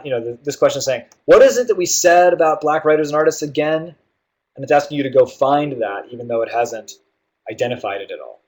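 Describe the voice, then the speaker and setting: Male tutor, mid-pitched, explains test prep casually with lots of "um" and "right?". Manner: explanatory, with frequent fillers and "right?" check-ins. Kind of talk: guided test-prep walkthrough.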